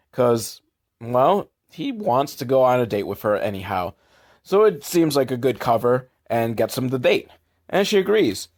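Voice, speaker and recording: A man recapping a movie for comedy, sarcastic, jumping into quick put-on voices for the characters. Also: medium pitch, big pitch swings, darkish tone.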